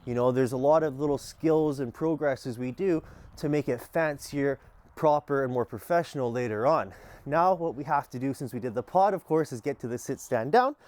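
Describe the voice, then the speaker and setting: A dog trainer, a man, explaining his methods in a relaxed way and breaking off into short, energetic commands and praise for the dog. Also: medium pitch, moderate pace. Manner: explains calmly, then barks short upbeat commands to the dog. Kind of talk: hands-on training demonstration. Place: outdoors in a yard, training a dog.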